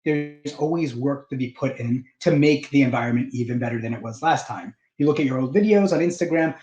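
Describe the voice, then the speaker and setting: A man's voice: medium pitch, fairly quick, darkish tone, reverberant. A man, a DJ business co-owner, talking enthusiastically and chattily as a guest, with a lot of fillers. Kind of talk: casual interview talk.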